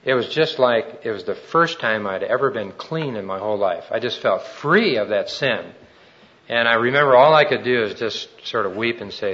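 A man's voice: fairly low pitch, normal speed, fairly bright tone, muffled recording. A man preaching a sermon and telling his own testimony in an earnest, folksy storytelling way.

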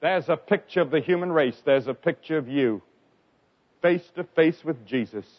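A man preaching an evangelistic sermon, telling stories dramatically and swinging from loud cries to quiet lines. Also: normal speed. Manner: dramatic storytelling with sharp swings in pitch and loudness. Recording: dull lo-fi recording.

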